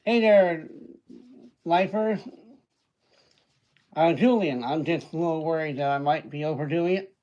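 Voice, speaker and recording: A man hosting a casual livestream, chatting and greeting viewers by name, with hesitant fillers and frequent throat-clearing. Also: on the high side, measured pace, pauses often, a little mellow, muffled recording. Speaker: livestream host.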